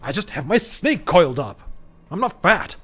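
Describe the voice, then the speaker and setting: A man's voice: fairly high pitch, big pitch swings, moderate pace, sharp tone, husky, heavily acted. A man voicing a touchy, chubby male lizard-man boss who protests that he is not fat. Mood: defensive. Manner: defensive, whiny protests.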